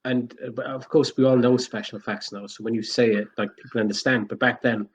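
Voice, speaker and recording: A young man co-hosting a casual podcast, joking and animated, his voice climbing when amused. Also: medium pitch, fairly quick, breathy edge, muffled recording. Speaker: podcast co-host. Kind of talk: casual chat.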